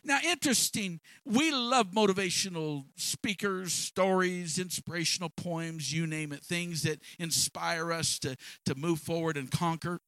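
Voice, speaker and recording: A man preaching a sermon, reading scripture slowly and swinging between loud, emphatic bursts and soft, low asides. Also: no echo. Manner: reads scripture slowly with stretched words. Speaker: pastor.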